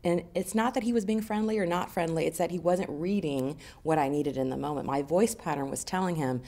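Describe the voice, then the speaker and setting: A woman with a noticeably low voice talks through her work as a communications coach. She answers interview questions in an animated, conversational way, explaining ideas with everyday examples. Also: brisk, few pauses.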